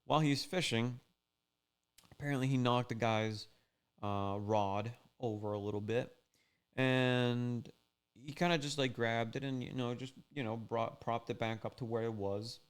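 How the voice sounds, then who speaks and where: A man's voice: mid-range voice, unhurried, clear, resonant tone. A man casually recapping a fishing trip story in a rambling, laid-back way, full of "like" and "you know". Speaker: fishing channel host.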